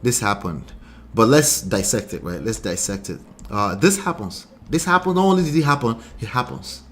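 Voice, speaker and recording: A man's voice: mid-range voice, animated, moderate pace, a bit bright. A man hosting a relationship livestream, reading viewer comments and answering with emphatic, repeated points and rhetorical questions. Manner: laughs often, mocks quoted lines in put-on voices. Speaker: relationship coach and channel host.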